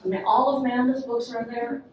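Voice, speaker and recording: An older woman with a Southern US accent, an author and librarian who chats a little with many ums before reading her memoir in a steady, measured way. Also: on the high side, slight background noise. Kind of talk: casual introduction, then reading her memoir aloud. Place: event room at a literary festival. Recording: echoey hall, voice from far off, faint ambience.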